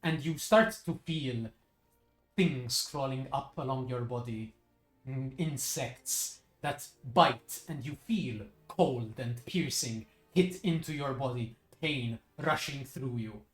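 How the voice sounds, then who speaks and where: A man narrating a tabletop game as game master, casual, with fillers and self-corrections. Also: medium pitch. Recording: echoey room, faint music.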